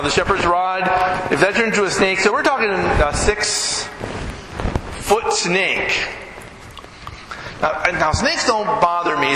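A male pastor giving a sermon, telling stories and acting out quotes in a lively way, asking the audience questions. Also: high voice. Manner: animated, talks with the audience, acts out quotes. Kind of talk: sermon with storytelling. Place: church hall. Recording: echoey hall with room noise.

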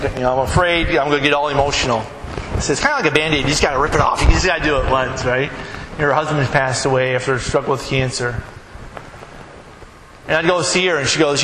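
A male pastor giving a conversational sermon in a church, acting out quoted exchanges with emphatic rising peaks. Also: on the high side. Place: church sanctuary. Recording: echoey hall, background noise.

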